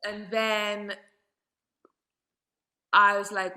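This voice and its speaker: A woman from Saint Martin, a guest in an interview, telling her story in a lively, chatty way, acting out the people she quotes and laughing often. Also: on the high side, drawn-out words, pauses often. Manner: animated storyteller who acts out quoted voices and laughs often. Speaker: interview guest, model and doll entrepreneur.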